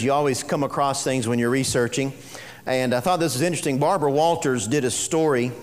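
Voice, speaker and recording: Higher-voiced preacher in a reverberant church. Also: male voice. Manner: folksy preaching, mixing jokes with earnest teaching. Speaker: pastor. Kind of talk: sermon. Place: church sanctuary.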